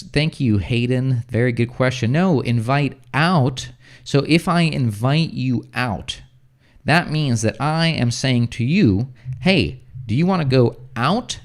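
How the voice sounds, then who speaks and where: American guy doing a laid-back english lesson on a livestream, chatty, keeps asking right?, mid-pitched voice. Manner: chatty, reads viewer questions, explains slowly with many "right?" checks. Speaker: English teacher. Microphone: streaming setup.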